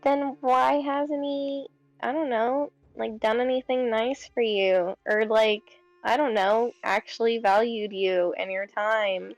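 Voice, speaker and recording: Young woman rambling thru her turn, kinda high voice, dry close mic. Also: steady tone, takes it slowly, dry recording, soft background music. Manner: rambling, chatty, filler-heavy. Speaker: player. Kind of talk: casual tabletop role-play.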